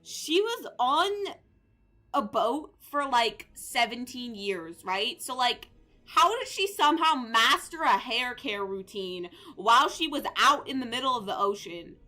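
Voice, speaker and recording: A young woman streaming a game, reading its text aloud and reacting in an excitable, joking way, swearing and shouting at times. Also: a little high, unhurried, faint music behind.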